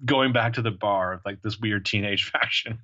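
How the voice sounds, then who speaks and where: A man's voice: lowish voice, normal speed, bright, forceful tone. Jokey man with a dull lo-fi sound. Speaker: podcast co-host. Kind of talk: casual chat.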